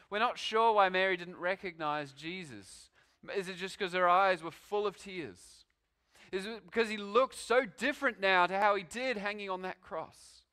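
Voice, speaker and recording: A male preacher delivers a sermon with a bright, forceful voice set somewhat high. He leans hard on key phrases, then drops to a hushed, slowed hush to draw listeners in. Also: clear, resonant tone. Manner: emphatic, swings from loud declarations to hushed pauses.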